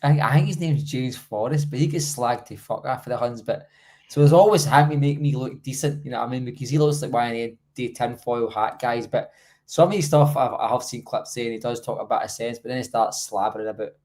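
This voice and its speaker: A man's voice: mid-range voice, brisk, darkish tone. A Scottish man joining a podcast over a video call as its regular guest, jokey and self-mocking, rambling as he talks. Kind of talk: casual podcast chat.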